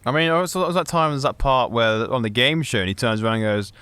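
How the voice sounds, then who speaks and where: A man's voice: mid-range voice, pushed and bright, clean tone, no echo. A man from the English Midlands co-hosting a podcast, joking and cutting in often in casual chat. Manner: jokey, quick to interject. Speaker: podcast co-host.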